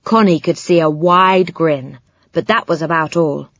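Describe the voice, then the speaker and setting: A woman reading a children's audiobook with a clear storytelling delivery. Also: deep voice, unhurried, no echo. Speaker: audiobook narrator. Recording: slightly muffled, dry sound.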